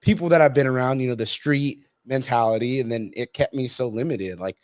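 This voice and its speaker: A man's voice: medium pitch, fairly quick, no echo, studio quality. A man hosting a casual interview, enthusiastic and friendly with his guest, whom he calls brother. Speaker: podcast host.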